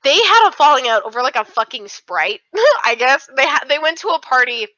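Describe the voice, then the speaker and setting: Bright-voiced young woman telling stories. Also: high-pitched, normal speed, dry recording, muffled recording. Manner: fillers, swearing, animated retelling. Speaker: podcast co-host. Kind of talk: casual storytelling chat.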